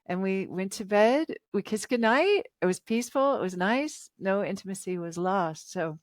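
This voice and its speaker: A woman's voice: medium pitch, animated, moderate pace, no room sound, clean studio sound. Chatty woman in her fifties, laughing. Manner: chatty and reflective, laughs often. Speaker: guest, relationship author. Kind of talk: casual interview chat.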